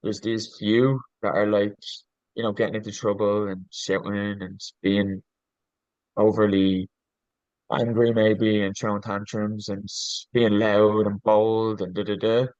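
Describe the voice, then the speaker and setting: Earnest, low-voiced man thinking aloud. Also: darkish tone, dry recording, lo-fi sound. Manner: searching and earnest, many restarts and ums. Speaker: podcast guest, leadership coach. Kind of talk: reflective podcast conversation.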